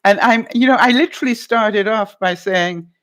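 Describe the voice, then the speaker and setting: A woman vlogger talks casually to her viewers and replies to their comments. She tells stories in a chatty way and laughs often. Her voice sits in a middle pitch range. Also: moderate pace, a bit bright.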